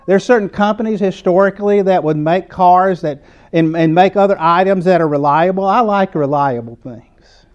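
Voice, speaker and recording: A Southern US preacher with a high-pitched voice, earnest and conversational as he leans into his points. The recording is dull and lo-fi. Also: moderate pace. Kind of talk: sermon.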